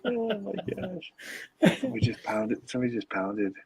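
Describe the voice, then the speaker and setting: A man's voice: mid-range voice, very animated, moderate pace, husky, poor audio. A man co-hosting a podcast from a hotel room late at night, joking and trading banter while wearing a headset. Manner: joking, trades banter and quips. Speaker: podcast co-host. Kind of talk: casual chat. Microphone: headphones with mic.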